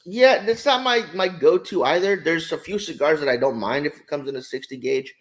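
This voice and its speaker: Low-key podcast co-host man. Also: a little fast. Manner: brief interjections, low-key. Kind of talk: casual chat.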